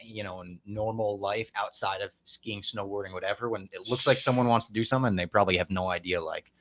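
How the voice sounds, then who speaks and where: A man's voice: on the low side, fairly even intonation, quick pace, a bit bright. A man hosting a podcast, asking joking, teasing questions in casual chat. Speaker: podcast host.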